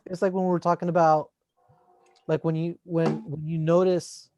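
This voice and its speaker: A man's voice: fairly high pitch, level tone, normal speed, a little mellow, slight background noise. A man, a teacher and podcast co-host, talking in a laid-back, reflective way with casual swearing. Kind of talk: casual chat.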